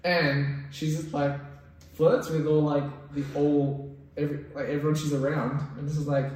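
A man's voice: fairly high pitch, fairly even intonation, moderate pace, darkish tone, distant mic. Male co-host, rambling comic storyteller; roomy, echoing, off-mic sound. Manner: rambling, jokey storytelling with silly voices. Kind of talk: casual comedic chat. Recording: echoey room, away from the mic.

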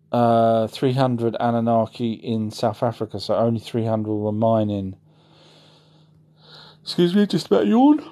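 A man's voice: medium pitch, warm tone. A man hosting a casual livestream, answering chat in a rambling way and often correcting himself. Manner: rambling, self-correcting, apologetic asides.

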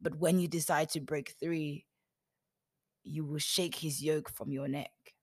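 A woman's voice: sits low, steady tone, a little mellow, husky, no room sound. A woman doing a solemn old father. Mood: grave. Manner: slow, solemn blessing.

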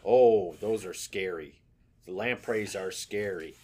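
A man's voice: low voice, takes it slowly, dark tone, slightly rough. A man co-hosting a casual podcast chat, rambling, swearing freely and laughing often. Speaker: podcast co-host.

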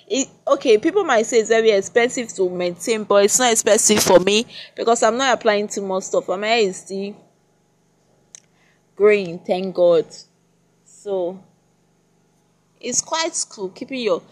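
A woman's voice: mid-range voice, a little slow, pauses often. A woman hosting her own podcast in a chatty, rambling solo monologue, often repeating herself. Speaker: podcast host.

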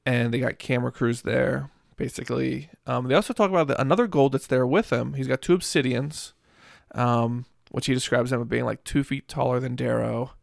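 Male podcast co-host with a heavy vocal fry and a rambling manner, recorded dry and close. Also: medium pitch, a little fast, no echo. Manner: rambling, leans heavily on "like" and "um". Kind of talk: casual book discussion.

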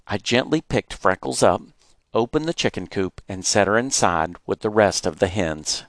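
A man reading his childhood memoir aloud, animated and acting out the moments he retells. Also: fairly low pitch, moderate pace, no echo, studio quality. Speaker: storyteller.

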